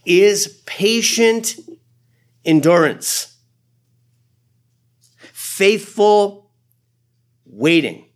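A man who is a pastor, preaching a sermon in an animated, conversational way with frequent asides. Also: sits high.

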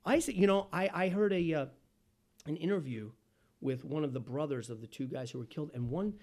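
A man preaching a sermon as pastor, asking the congregation questions and swinging from loud exclamations to hushed asides. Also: fairly high pitch, a little fast.

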